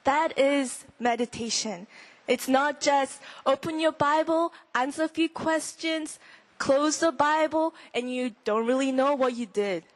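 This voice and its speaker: A young woman gives a Bible lesson in an easy, chatty way. Her voice sits high, and the sound is dry and close. She often acts out her own inner thoughts and whispers verses to show how to ponder them. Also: unhurried, dry recording, poor audio. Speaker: Bible teacher. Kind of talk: sermon-style teaching.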